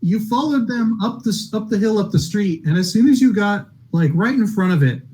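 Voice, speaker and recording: A man's voice: high voice, expressive, a little fast, darkish tone, slight background noise, low-quality recording. A man narrating a tabletop game as game master, rambling through his scenes with many fillers and restarts and briefly voicing characters.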